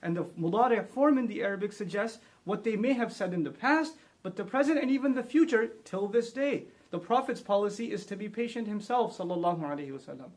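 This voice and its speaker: A man giving a short religious talk, rising into emphatic delivery on key points and murmuring honorifics quickly under his breath. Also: sits high, expressive. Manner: builds to emphatic, rising delivery when quoting scripture. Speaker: Islamic speaker.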